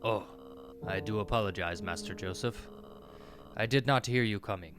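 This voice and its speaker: A man voicing a polite, formal male butler who speaks quietly and deferentially. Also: fairly low pitch, normal speed, close to an everyday voice.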